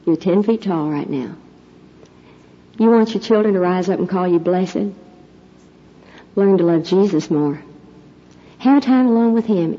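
A middle-aged woman preaching in an earnest, storytelling way. Her voice is mellow and slightly husky. The recording sounds dull and lo-fi. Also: mid-range voice. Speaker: Christian speaker, mother. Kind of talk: sermon-style talk with prayer.

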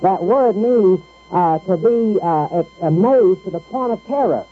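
A man preaching a radio sermon in a conversational way, with hesitant restarts and lively quoted voices. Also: high voice, unhurried, breathy edge. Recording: tinny phone-like radio broadcast with faint music.

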